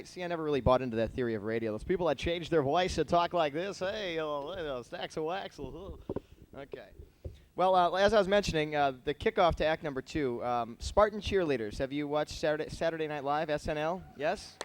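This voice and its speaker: A man emceeing a high school talent show on a handheld microphone, joking and rambling with lots of fillers. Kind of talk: joking stage emcee patter. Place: high school auditorium stage.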